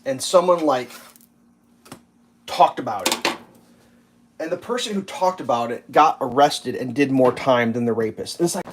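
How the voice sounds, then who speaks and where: Here the livestream host speaks at medium pitch, expressive and moderately paced, leaving long pauses as he cooks. He rambles and swears casually with lots of fillers, over background noise that includes faint kitchen clatter.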